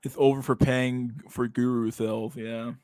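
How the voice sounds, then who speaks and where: A man's voice: medium pitch, level tone, a little slow, dark tone, dry recording. A man hosting a livestream, talking in a sarcastic, profane and mumbling way. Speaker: streamer host. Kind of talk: casual livestream commentary.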